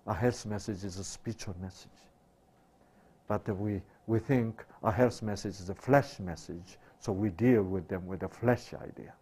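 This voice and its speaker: A man's voice: lowish voice, moderate pace, warm tone, husky. A man giving a sermon-style health talk, asking rhetorical questions and answering them himself, with broken, repetitive phrasing. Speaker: health lecturer.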